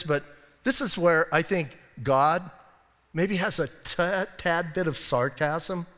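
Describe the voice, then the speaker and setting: A man with a high voice preaches a sermon in a reverberant church hall. He reads scripture with animated emphasis, then drops to quiet, hushed asides. The room's long echo trails behind his words. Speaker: pastor.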